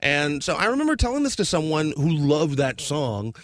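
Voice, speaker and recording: A man's voice: on the high side, big pitch swings, moderate pace, dry recording. A man co-hosting a podcast in casual chat, rambling and crude, full of fillers and restarts. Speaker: podcast co-host.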